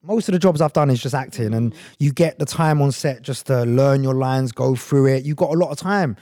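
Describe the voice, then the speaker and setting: A man's voice: medium pitch, brisk, dark tone, no echo, studio quality. A man talking as a guest in a casual interview, reflective and earnest, often restarting his sentences. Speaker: guest actor and director.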